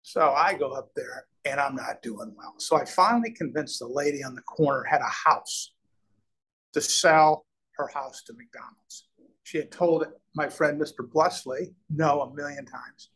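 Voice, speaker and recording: A husky, somewhat high voice moves a little slowly over poor audio. It's an Omaha real estate developer in his sixties, interviewed as a guest, animatedly narrating a long business story and acting out what people said.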